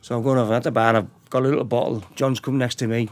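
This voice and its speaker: A man's voice: mid-range voice, fairly even intonation, very fast. A middle-aged man, a podcast guest telling crime stories in a casual, rambling way, repeating his words. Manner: rambling, repeats words, acts out quoted dialogue. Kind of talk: casual true-crime storytelling.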